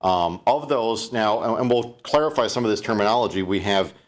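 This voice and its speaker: Low-voiced man giving a casual keynote. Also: lively intonation, fairly quick. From Canada. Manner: conversational, fillers, many restarts. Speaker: keynote presenter. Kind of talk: live-streamed keynote talk.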